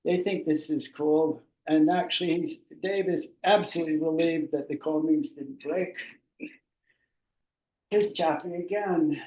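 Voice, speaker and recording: A man's voice: fairly high pitch, unhurried, a little mellow. An older man giving a casual slide talk as a boat building instructor, rambling and conversational, with many fillers and restarts. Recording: echoey room, voice from far off the mic.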